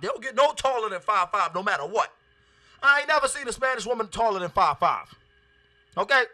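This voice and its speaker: A man hosting a podcast, rambling through a profane, animated casual monologue. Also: very high voice. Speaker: podcast host.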